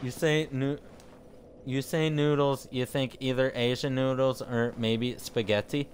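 Slow-talking, rambling male game streamer. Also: medium pitch, level tone, slight background noise. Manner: rambling, jokey, trips over his words. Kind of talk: casual chat with live viewers while gaming.

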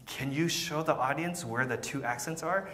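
Man coaching, bright clear voice. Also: on the high side, moderate pace, a little hiss or hum. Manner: encouraging, repeats words, counts beats aloud. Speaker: violin teacher. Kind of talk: masterclass coaching.

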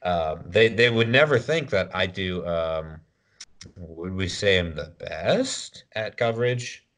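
A man co-hosting a casual podcast, joking and rambling with quick asides. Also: deep voice, expressive, a bit bright. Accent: American. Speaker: podcast co-host.

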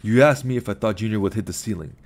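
A man doing a calm gray-haired man. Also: on the low side. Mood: patient. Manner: measured, patient, quietly firm.

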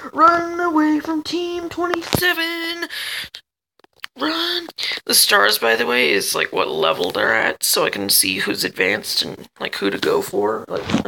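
A high-pitched male gamer with a heavily gravelly, fry-laden voice that swoops all over the place. He chatters excitedly at other players and yelps when things go wrong. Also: noisy background. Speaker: gamer and channel host. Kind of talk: let's play commentary.

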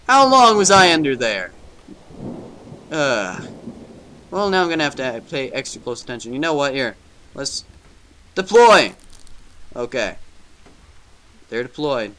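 Bright, animated gaming commentator man. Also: mid-range voice. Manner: jokey, talks to the game, swings from loud bravado to muttering. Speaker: gaming video host. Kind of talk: let's-play commentary.

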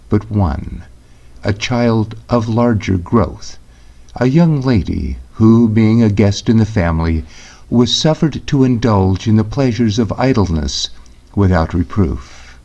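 A man reading a story aloud in a lively, expressive way. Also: fairly low pitch. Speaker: audiobook reader. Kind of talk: storybook narration. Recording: dull lo-fi recording.

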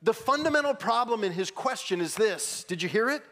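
A man preaches in an earnest, conversational way, stumbling over and repeating words as he prompts his congregation to answer back. His voice sits fairly high for a man. It is an everyday sermon from the pulpit. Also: lively intonation, fairly quick, few pauses. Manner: soft, low prayer voice. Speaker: pastor.

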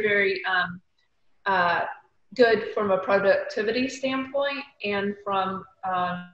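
A woman's voice: mid-range voice, a bit bright. Southern woman explaining on an echoey call. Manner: chatty, explanatory, full of fillers. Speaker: recruiter on a panel. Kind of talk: casual panel discussion. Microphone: video call. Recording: muffled echoey video call audio.

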